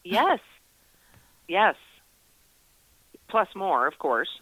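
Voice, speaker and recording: A woman hosting a casual conversation, giving brisk, affirming advice. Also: fairly low pitch, big pitch swings, a bit bright, breathy edge, dry recording, poor audio.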